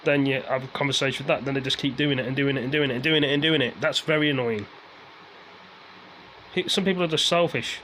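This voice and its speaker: A man's voice: mid-range voice, fairly even intonation, fast talker, a bit bright, slight background noise, poor audio. A man ranting casually to his viewers, rambling and repeating himself as he airs his frustration. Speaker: vlogger.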